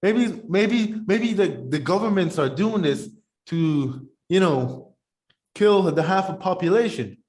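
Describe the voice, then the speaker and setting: A man co-hosting a podcast in casual, rambling chat, animated and talking while eating. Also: sits high, takes it slowly. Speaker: podcast co-host.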